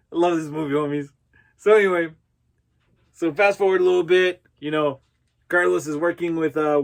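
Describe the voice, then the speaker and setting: A man's voice: fairly high pitch, a bit bright. A man casually recapping a movie in a laid-back, slangy way, full of "you know" fillers. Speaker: movie reviewer.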